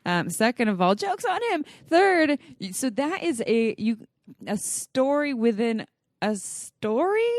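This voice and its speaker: A woman's voice: a little high, very animated, no echo, clean studio sound. Enthusiastic woman podcast host. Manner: enthusiastic, reacting with laughs, quick bursts of questions. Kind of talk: casual chat.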